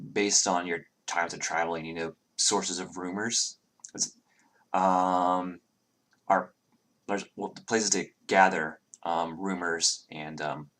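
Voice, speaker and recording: Deep-voiced game master with many fillers. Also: male voice. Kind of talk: narrating a tabletop game.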